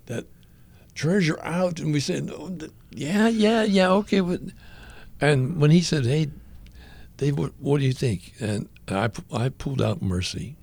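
Older male radio guest, husky storyteller, lively pitch, acts out the voices. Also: dry recording. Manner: animated storytelling, acting out quoted voices. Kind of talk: conversational testimony.

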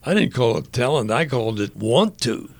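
An older man, a guest in an interview, telling a personal story earnestly and reflectively, halting with frequent restarts. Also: mid-range voice, sing-song, vocal fry, no room sound.

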